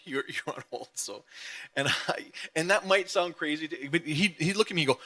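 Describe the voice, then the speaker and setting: Man, memorial speaker; slightly high, bright voice; earnest, repetitive emphasis, lively mimicry. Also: a little fast. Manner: earnest, repetitive emphatic phrasing, imitates others with playful pitch jumps. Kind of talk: heartfelt memorial tribute.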